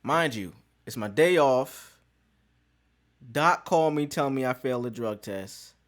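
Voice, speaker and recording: A man's voice: medium pitch, animated, a little slow. A man hosting a podcast, telling a story in casual street slang with plenty of profanity. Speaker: podcast host.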